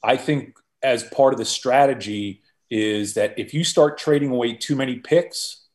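A man guesting on a podcast, a mid-pitched voice that sits right in the ordinary range. He tells stories with animation and keeps restarting his sentences. He talks like someone recounting his own experiences. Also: a little slow. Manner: animated storyteller, frequent restarts. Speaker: podcast guest, former football executive. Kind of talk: conversational interview storytelling.

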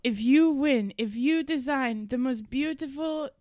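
A woman's voice: sits high, a little slow, darkish tone, dry recording, clean studio sound. Woman doing an eccentric Italian lady. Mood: earnest. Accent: fake Italian accent. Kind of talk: improvised comedy role-play.

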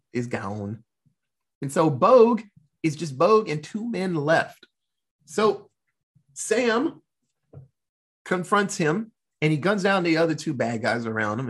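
A man hosting a casual podcast and recapping a movie in an animated, swearing, laughing storytelling style. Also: fairly high pitch, slightly rough. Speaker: podcast host.

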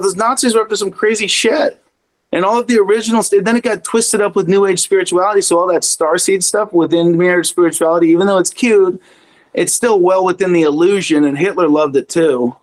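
A high-pitched man appears as a podcast guest, chatting casually and animatedly about spirituality. He swears freely and mocks his own inner voice.

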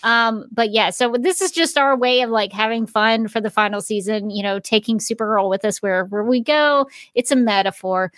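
A woman's voice: on the high side, moderate pace, few pauses, a bit bright, no room sound, studio quality. A woman co-hosting a podcast in casual chat, chatty and giggly with lots of fillers. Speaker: podcast co-host.

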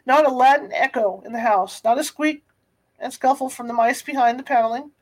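A woman reading a classic novel aloud, unhurried, with small stumbles and restarts. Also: high voice, poor audio. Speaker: reader.

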